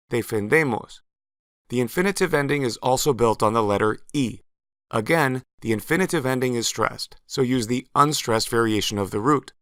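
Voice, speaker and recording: A man narrates a language lesson in a bright, clear voice. He speaks slowly and carefully and leans hard on stressed syllables as he models words. The close recording is dry, with no room around it. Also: mid-range voice, dry recording. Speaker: Spanish teacher.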